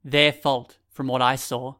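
A sullen, hostile boy in a crude mask, voiced by a male narrator, snapping out curses. His voice jumps high and loud when he shouts, raw and spiteful. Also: level tone, unhurried.

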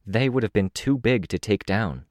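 A man reads a blunt, guarded young heroine in an audiobook, speaking in short, clipped sentences. His low voice barely shifts for her, and the sound is dry and close. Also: lively intonation, normal speed, no room sound, lightly acted. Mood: curt. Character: terse young woman hero, guarded and blunt.

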